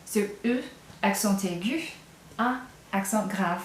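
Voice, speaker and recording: A woman's voice: mid-range voice, takes it slowly, roomy sound, a little hiss or hum. A woman teaching a language lesson patiently, step by step, often checking in with the learner. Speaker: French teacher.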